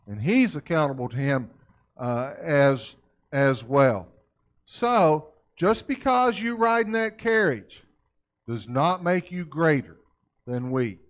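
A man leads a church lecture in a relaxed, folksy manner, his voice sitting a little on the high side. He talks with his listeners rather than at them, peppering his points with quick questions to the audience.

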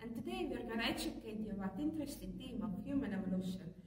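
A woman's voice: on the high side, expressive, rapid-fire, darkish tone, recorded from a distance. A young woman presenting a mock TV show in a chirpy, announcer-like way. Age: young adult. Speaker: studio presenter. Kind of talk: comic TV-show intro. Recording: echoey room with faint noise.

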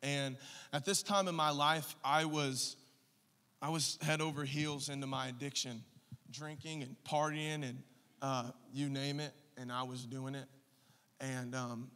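A man in his thirties preaches with a forceful, somewhat high voice. He drops to quiet storytelling and then builds to loud urging. His voice carries a long church-hall reverb. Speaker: pastor. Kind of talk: sermon. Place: church sanctuary.

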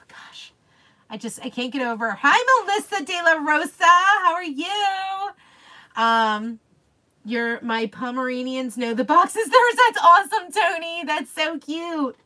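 A woman's voice: mid-range voice, bright, forceful tone. A young woman hosting a casual craft livestream, gushing and chatting with viewers by name. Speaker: craft live-stream host.

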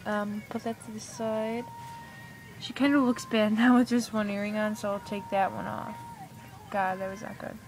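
A woman's voice: medium pitch, level tone, moderate pace, darkish tone, soft background music. A teenage girl chatting casually to her camera at home, rambling and gushing, full of "like" and "oh my god". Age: teens. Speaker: vlogger. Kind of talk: casual chat. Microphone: iPod camera.

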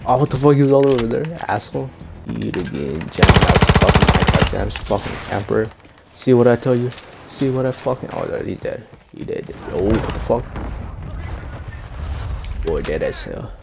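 Over loud gunfire game audio and a noisy background, a young gaming streamer swears nonstop and trash-talks his opponents while playing a shooter. He speaks at a moderate pace in an animated, mid-range voice with vocal fry.

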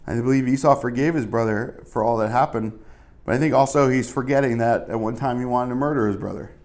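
Gravelly-voiced man preaching casually. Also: medium pitch, a little fast, a little mellow. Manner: casual and chatty, with fillers and asides. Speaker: pastor. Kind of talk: conversational sermon.

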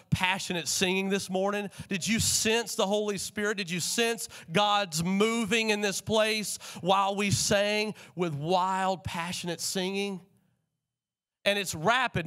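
A man preaching a sermon in a church, animated and calling on the congregation to respond. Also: sits high. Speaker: pastor. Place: church sanctuary.

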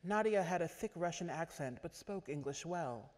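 A woman author giving a measured literary reading at a stage microphone in a large auditorium. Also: on the low side, expressive, darkish tone. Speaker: author reading her fiction. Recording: echoey auditorium.

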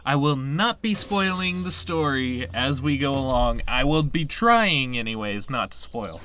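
A man hosting a casual game playthrough, chatting with a nostalgic, rambling manner and plenty of fillers. His voice is bright and forceful, with lively swings in pitch and an unhurried pace. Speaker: let's play host.

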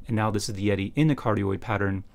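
A man reviewing microphones in a small home room, talking close to a USB condenser mic on his desk and explaining each test step by step in a relaxed, plain way. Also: lowish voice, fast, vocal fry. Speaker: tech reviewer. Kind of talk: casual mic test demonstration.

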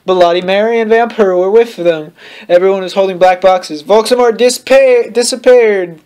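A man's voice: high voice, fairly even intonation, moderate pace, a little mellow, clean tone. A man reading a bad story aloud for comedy, playful and breaking into laughter. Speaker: comedic reader. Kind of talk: mocking dramatic reading.

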